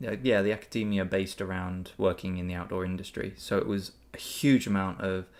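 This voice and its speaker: A man chats loosely through a live question-and-answer session, upbeat and easygoing. His voice sits fairly low with a gravelly edge, and he rambles, pausing on fillers and restarting sentences. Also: flat delivery. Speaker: channel host answering viewer questions. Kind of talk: casual live Q&A chat.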